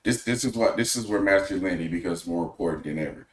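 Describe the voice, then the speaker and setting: A man hosting a podcast, giving measured, opinionated casual commentary. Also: low voice, roomy sound, a little hiss or hum. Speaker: podcast host.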